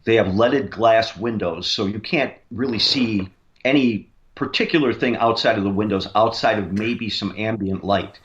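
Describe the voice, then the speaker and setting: With a lowish, somewhat bright voice at normal speed, the man spins a long story in a radio interview. A paranormal investigator, he rambles casually with many fillers and restarts, and the sound is dull.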